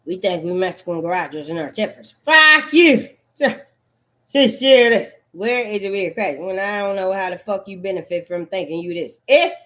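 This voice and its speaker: A woman in a rambling, profane rant, repeating curses and jumping between loud outbursts and low mutters. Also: fairly quick, hardly any pauses. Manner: erratic, repetitive, swearing constantly, swinging between shouts and mutters. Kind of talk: profane stream-of-consciousness rant.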